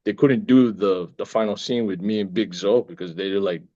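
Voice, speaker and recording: A man's voice: on the low side, moderate pace, highs cut off. A middle-aged man, an actor chatting casually as a guest and telling stories with lots of laughter. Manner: laughing, animated storyteller. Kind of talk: casual chat.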